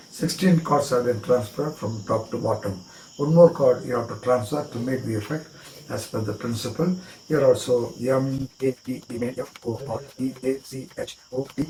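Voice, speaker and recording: Indian-accented male magic teacher, mellow voice, spells and repeats patiently, roomy echo with faint crickets. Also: mid-range voice, a little hiss or hum. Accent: Indian English. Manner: spells words out letter by letter, repeats phrases rhythmically. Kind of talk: card trick tutorial. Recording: echoey room with faint cricket chirps.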